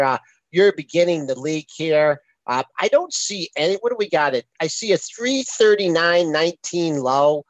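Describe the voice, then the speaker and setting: A man's voice: fairly high pitch, no echo, low-quality recording. A man co-hosting a trading show, a former floor trader who rattles off price levels in a rambling, casual way.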